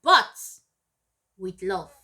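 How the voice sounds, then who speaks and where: A woman's voice: medium pitch, sing-song, very slow, bright, forceful tone. A woman giving parenting advice straight to camera, earnest and emphatic, repeating her points for weight. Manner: acts out scolding parents in raised voices. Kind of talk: direct-to-camera advice talk.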